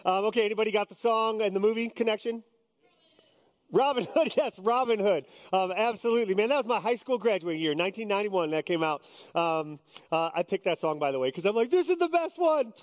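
Man, fifties, pastor preaching, joking conversational delivery, higher voice, echoing hall. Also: fairly quick. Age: 50s. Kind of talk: sermon.

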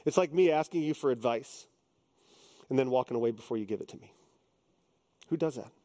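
A middle-aged man preaching a sermon as pastor, earnest and animated, moving between quiet reflection and emphatic exhortation. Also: mid-range voice, normal speed, long pauses.

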